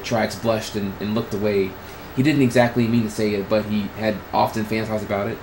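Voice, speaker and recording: A man's voice: lowish voice, level tone, fast talker, darkish tone, slight background noise, low-quality recording. A man streaming, reading crude fan fiction aloud in a comedic way. He often laughs and stumbles over the words. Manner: breaks into laughter, crude and casual.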